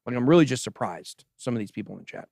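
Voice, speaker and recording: Animated sarcastic male crypto show host. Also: medium pitch, racing, no echo, clean studio sound. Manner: animated and sarcastic, chatting with a co-host and live chat. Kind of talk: casual livestream market commentary. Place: show studio stage.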